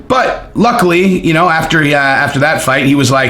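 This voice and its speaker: A man giving a casual, jokey opinion monologue on fighting, animated and quick to break into impressions. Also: a little high, echoey room. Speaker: MMA commentator.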